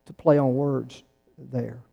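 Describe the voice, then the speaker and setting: A man preaching a sermon, halting often with restarts and fillers as he tells stories to the congregation. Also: medium pitch, flat delivery, vocal fry, dull audio. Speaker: pastor. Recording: long hall reverb.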